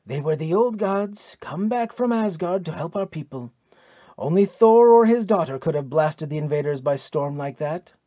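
A man's voice: a little high, expressive, normal speed, mellow, dry recording, clean studio sound, lightly acted. A man voicing a fervent Norse woman. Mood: awed.

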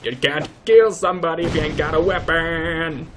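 A young man giving let's play commentary, mock-pompous and swearing, shouting insults at enemies. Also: a little high, steady tone, moderate pace, slight background noise. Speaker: gaming YouTuber.

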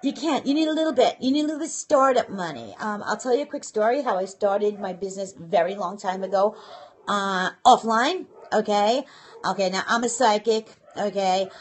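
A woman's voice: medium pitch, fairly quick. A middle-aged woman from New York, hosting a casual live stream from her home office, chatting, laughing and greeting viewers by name. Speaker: livestream host.

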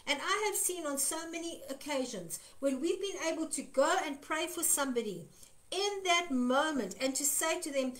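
A woman's voice: sits high, expressive, moderate pace, fairly bright tone. A woman minister giving an earnest devotional teaching, stressing her points by repeating phrases. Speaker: Christian minister.

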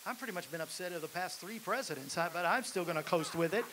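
High-pitched male preacher, fiery sermon, hissy live church recording. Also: fast, hardly any pauses. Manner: exhorting the congregation, building to shouts. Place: church sanctuary.

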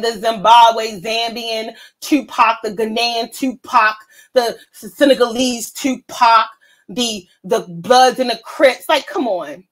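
Brash high-voiced woman storyteller. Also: poor audio. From United States. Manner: brash, animated, roasting and laughing. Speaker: livestream host. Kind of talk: casual storytelling chat.

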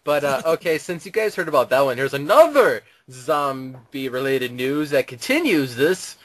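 A man's voice: medium pitch, animated, normal speed. A man hosting a casual podcast, reading out weird news in a mock newscaster delivery.

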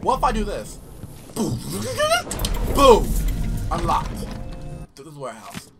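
A young man hosting a let's play, commenting excitably on his gameplay, laughing and swearing often. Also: on the high side, slow pace, vocal fry. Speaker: gaming channel host. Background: game music and sound.

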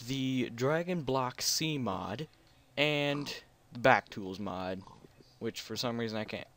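Rambling young-sounding gaming host. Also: male voice, mid-range voice, animated, takes it slowly, fairly bright tone. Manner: rambling, unsure, self-deprecating. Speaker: let's play host. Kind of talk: casual gameplay commentary.

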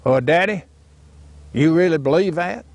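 A man's voice: a little high, normal speed, dry recording, pitched above the performer's own voice. A man voicing an earnest grown son from Alabama, patiently coaxing his father, with a Southern accent.

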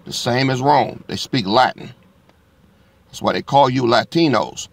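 A man's voice: mid-range voice, gravelly, no echo. Blunt preacher man, dry close sound. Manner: reads scripture slowly and rising, then talks fast and blunt with slang and swearing. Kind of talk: street-style scripture teaching.

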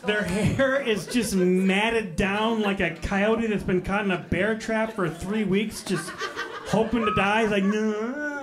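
A young comedian with a high voice rants in a mocking, exasperated way through a stand-up set. He speaks into a handheld mic on a club stage, and a laughing audience is clearly heard around him. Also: steady tone, slow, over a noisy crowd, very noisy. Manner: exasperated ranting, mocking, punchy.

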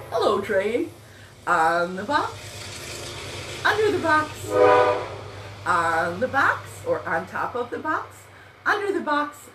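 A young woman hosting a sing-along show for toddlers, talking slowly and playfully to small children. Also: medium pitch, roomy sound, noisy background. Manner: slow, exaggerated, playful talk to small children. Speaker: children's music teacher and show host.

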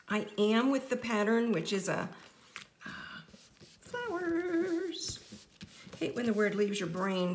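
A woman's voice: mid-range voice, gravelly, a little hiss or hum. A middle-aged woman teaching a casual card-making tutorial, chatty and playful as she jokes with her viewers.

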